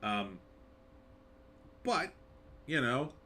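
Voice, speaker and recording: A man's voice: medium pitch, very animated, very slow, pushed and bright. A man hosting a live commentary show, talking in a sarcastic, rambling way with wry asides. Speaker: show host.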